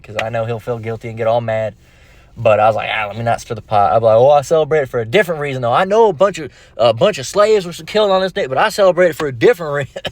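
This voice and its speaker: Rambling man giving a casual religious lesson. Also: mid-range voice. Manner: rambling, many restarts, street slang. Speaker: religious teacher.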